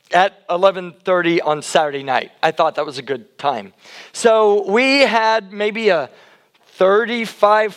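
Loud, high-voiced male pastor. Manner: loud, conversational, asks the congregation questions. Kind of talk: interactive sermon.

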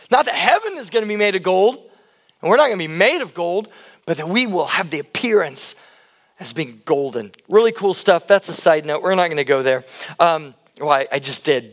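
A middle-aged man preaching a conversational sermon, loud and chatty, often putting questions to the congregation. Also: high voice. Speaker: pastor. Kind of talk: interactive sermon.

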